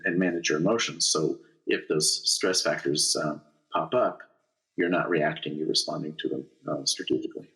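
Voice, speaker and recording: Animated man explaining negotiation. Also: low-pitched, poor audio. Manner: animated, acts out dialogue examples. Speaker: negotiation lecturer and author. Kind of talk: explanatory interview answers.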